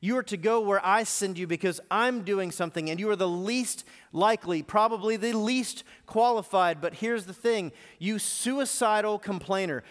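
A man acting out God, who presses a wayward prophet with stern yet loving questions. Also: sits high. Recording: long reverb in a live hall.

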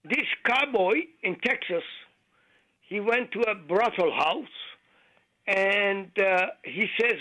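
Halting, high-voiced male caller, slow. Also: pushed and bright, low-quality recording. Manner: halting, with many fillers and non-native grammar. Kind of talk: call-in joke telling.

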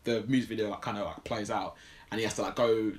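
A man's voice: on the low side, fairly even intonation, fast talker. A man casually recapping a film plot on a podcast, rambling with lots of fillers. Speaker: podcast co-host. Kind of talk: casual film review chat.

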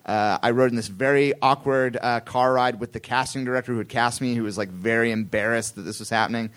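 Male storyteller, live stage, rambling self-deprecating delivery, middle pitch. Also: steady tone, fast, a bit bright. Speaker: comedian guest telling a story. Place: theatre stage before a live audience.

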